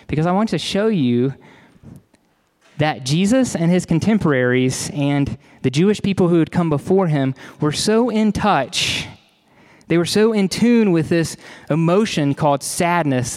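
Measured male preacher, slightly high voice. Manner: measured, slows for emphasis on key words; conversational asides to the congregation. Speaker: pastor. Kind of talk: sermon.

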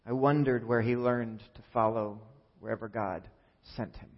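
A man's voice: medium pitch, steady tone, moderate pace. A male pastor preaching a sermon in a conversational, joking way, acting out the quoted lines. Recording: muffled sound with long hall reverb.

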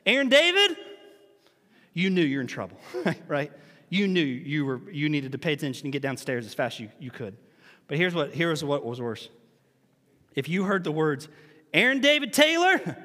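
A man preaching a sermon as pastor, animated, with rhetorical questions and humorous asides. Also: high-pitched. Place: church sanctuary. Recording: long reverb in a large church hall.

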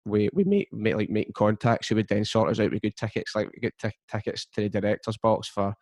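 Male guest, low flat storyteller, dry booth sound. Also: fast, dry recording. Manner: steady storytelling, frequent restarts. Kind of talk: casual chat.

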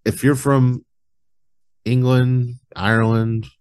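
A man's voice: mid-range voice, flat delivery, slow, a little mellow, clean tone. A man hosting a podcast, chatting casually and jokingly, swearing freely as he rambles. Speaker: podcast host. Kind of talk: casual chat.

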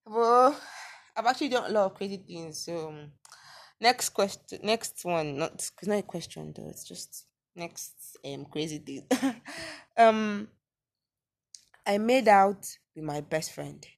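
A woman's voice: mid-range voice, unhurried, gravelly. A young woman with a Nigerian accent hosting a casual solo podcast, reading listener messages and reacting with disbelief and laughter. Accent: Nigerian, Yoruba-inflected. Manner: animated, incredulous reactions with frequent laughter and exclamations. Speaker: podcast host.

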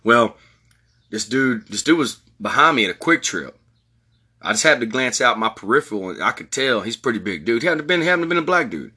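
A man in his forties with a drawl holds forth in a heated, blunt monologue, cussing freely. His voice is bright and forward, with a husky edge. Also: medium pitch, big pitch swings, brisk. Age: 40s. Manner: blunt, profane storytelling. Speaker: podcast host.

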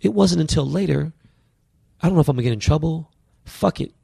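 A man from the US West Coast, a podcast guest, telling stories in an animated, profane, slang-heavy way. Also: a little high, fast, gravelly, husky, no echo, studio quality. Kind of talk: casual storytelling interview.

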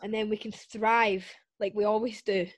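A woman's voice: medium pitch, flat delivery, moderate pace. A young woman, co-hosting a podcast and closing the episode in casual chat, sweary. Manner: loud, sweary, laughs often. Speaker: podcast co-host. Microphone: remote video call.

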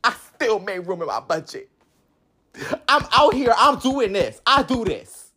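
A woman's voice: on the high side, very animated, unhurried, pushed and bright, husky. A young adult woman in a sassy, combative comic rant, bragging profanely about being the top fan. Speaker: comedic ranting fan. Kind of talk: comedic rant to camera.

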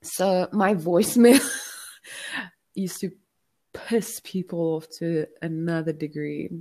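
A young woman with a deeper voice, chatting casually and teasing her co-host. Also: takes it slowly, warm tone. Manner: playful, teasing, does put-on announcer voices. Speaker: podcast co-host. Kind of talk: casual chat.

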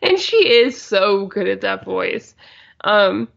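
A woman with a strongly gravelly, fry-heavy voice chats about a comedy show, slangy and quick with little quoted asides. Her mic sounds a bit dull and lo-fi. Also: medium pitch, sing-song. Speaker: podcast co-host. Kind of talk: casual chat reviewing a comedy show.

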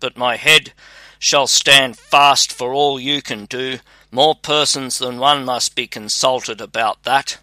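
Brief: a calm, clever young scholar, read by a man, slow and steady with a bright tone. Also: medium pitch, dry recording. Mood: firm. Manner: calm, firm and fearless.

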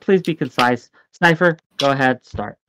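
A man's voice: medium pitch, normal speed, a bit bright, a little hiss or hum. A man moderating a heated online debate stream, firmly cutting in and sounding worn out. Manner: firm, weary, interrupting to stop arguments.

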